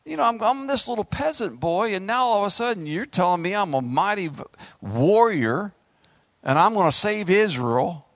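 A man's voice: high voice, animated, normal speed, no echo, voice pushed up. A man voicing a panicky young male peasant who stammers in disbelief at his calling. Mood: overwhelmed.

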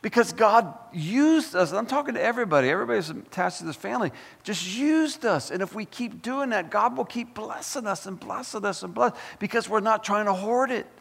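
A man preaching a sermon as pastor, fired up and animated, full of folksy asides and repeated words. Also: sits high, a little fast, creaky, hardly any pauses, in a large hall. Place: church sanctuary.

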